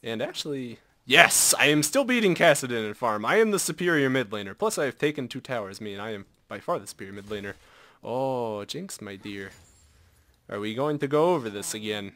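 A young man giving casual live commentary over his own game, excitable and self-mocking, dropping to mutters and jumping to yelps. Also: mid-range voice, fairly quick. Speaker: gameplay commentator.

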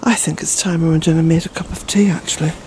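An older woman from Ireland talks to the camera as she works outside in her garden, rambling and breathless with a mellow, warm tone. Faint outdoor noise sits behind her voice. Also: low-pitched, steady tone, fast talker, rough recording. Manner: rambling, chatty, with fillers. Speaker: vlogger, gardener. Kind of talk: casual walk-and-talk narration.

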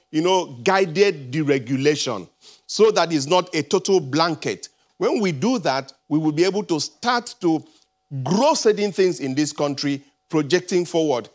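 A Nigerian man speaking as an analyst on a TV panel, earnest, with frequent stumbling restarts. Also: a little high. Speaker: analyst guest. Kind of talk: TV panel discussion. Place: TV studio.

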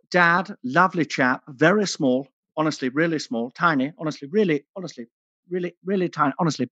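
A man's voice: mid-range voice, a bit bright, dry recording, close to an everyday voice. A man doing a stand-up character act as a vain, theatrical aging actress with a grand luvvie manner, calling everyone darling, on a dull, dry lo-fi recording. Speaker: character comedian.

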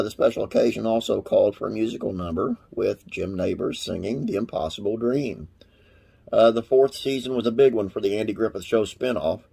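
A man with a low, husky voice reads classic TV trivia to his viewers. He talks in a folksy, rambling way, slips off into asides, and closes with religious blessings. A gravelly rasp runs under his words. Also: darkish tone. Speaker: classic TV trivia channel host. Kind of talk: reading trivia to camera with casual asides.

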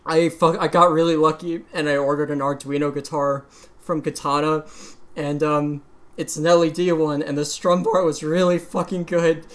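A woman's voice: low voice, level tone, normal speed. A woman gamer who swears constantly, tearful and laughing with joy as she talks about her result. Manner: heavy swearing, breathless and laughing through tears. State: crying with joy. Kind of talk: excited casual vlog.

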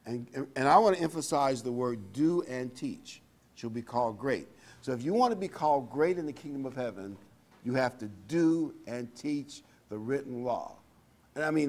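A man preaching a sermon in a relaxed, conversational way, reading scripture aloud between his own remarks. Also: medium pitch. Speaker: pastor.

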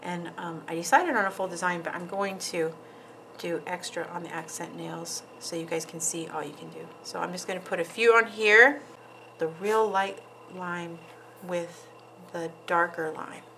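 A woman's voice: fairly low pitch, fairly even intonation, moderate pace, noisy background. A woman nail artist casually narrating a tutorial as she works, chatty with frequent ums and asides. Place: nail salon.

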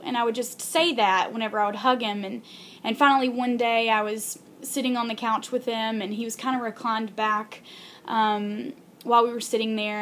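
Young woman, casual faith vlog, earnest, halting, lots of ums, higher voice, faint background noise. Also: steady tone, a bit bright. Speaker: video blogger.

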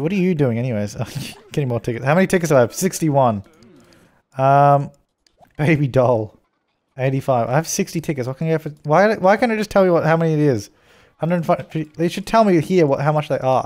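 A man's voice: medium pitch, a little mellow. A man giving casual, chatty commentary over a life-simulation game, laughing often and telling his characters what to do. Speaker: let's play host.

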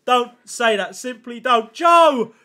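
Young man, very high voice, bright tone, excitable, slangy livestream chatter. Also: normal speed. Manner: chatty, excitable, reacts loudly to pack openings; thanks chat constantly, slangy. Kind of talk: casual gaming livestream chat.

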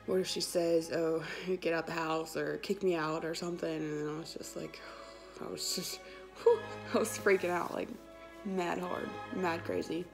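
A woman's voice: fairly low pitch, fairly even intonation, normal speed, vocal fry, music in the background. A woman, telling a personal story in a casual, chatty vlog with lots of quoted dialogue. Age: 20s. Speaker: vlogger.

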